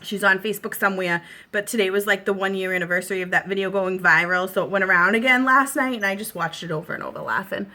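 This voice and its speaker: A woman in her thirties speaks quickly in a sharp, mid-range voice with a Boston accent. She's doing an easygoing makeup tutorial at home, chatting, reassuring her viewers, and dropping in lots of fillers as she goes.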